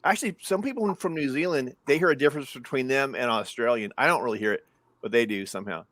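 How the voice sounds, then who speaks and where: A man chatting casually as a guest on a live stream, playful and quick to laugh. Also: mid-range voice, fairly bright tone, no echo. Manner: playful, laughs often, jokey. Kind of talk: casual chat.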